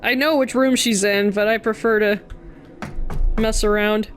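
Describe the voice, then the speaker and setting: A woman's voice: fairly high pitch, fairly even intonation, unhurried, soft background music. A woman commenting on a video game, making joking, sarcastic asides. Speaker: let's play streamer.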